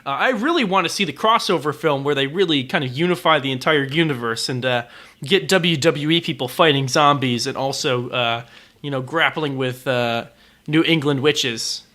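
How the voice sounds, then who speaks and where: A man's voice: medium pitch, normal speed, sharp tone. A man co-hosting a podcast in casual chat, often stammering and repeating words as he searches for them. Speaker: podcast co-host.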